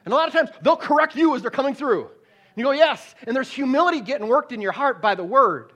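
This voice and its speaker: A man preaching a sermon, swinging between loud emphatic peaks and low hushed storytelling, often repeating words as he restarts. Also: expressive, fast.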